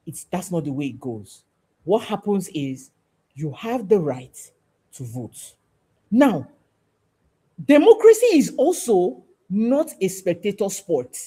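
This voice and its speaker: A woman's voice: medium pitch, very animated, takes it slowly, long pauses, dark tone, breathy edge. A woman, hosting a show and giving an emphatic, preachy talk that repeats phrases for stress. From Nigeria. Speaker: podcast host. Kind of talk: passionate civic talk to camera.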